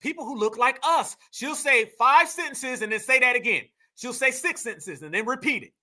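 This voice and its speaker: Loud, high, bright-voiced man ranting. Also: lively intonation, moderate pace. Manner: loud, dismissive, mocking, repetitive. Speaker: livestream host. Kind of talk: reaction commentary.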